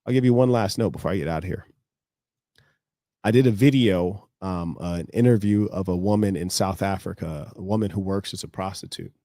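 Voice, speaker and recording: A man's voice: low voice, brisk, warm tone, no echo, studio quality. An American man streaming live, lecturing his viewers in a confrontational monologue. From United States.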